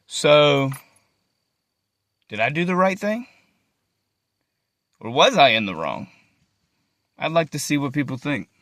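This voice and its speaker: A man's voice: a little high, very animated, slow pace, pauses often, a bit bright, dry recording, studio quality. A young man, ranting to his phone camera in an agitated, profane way and repeating himself. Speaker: vlogger. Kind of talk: emotional rant to camera.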